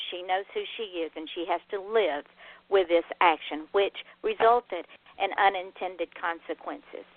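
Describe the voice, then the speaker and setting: A woman's voice: mid-range voice, dry recording. A woman radio host giving an earnest, emphatic on-air monologue and speaking straight to her listeners. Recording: dry phone-like line.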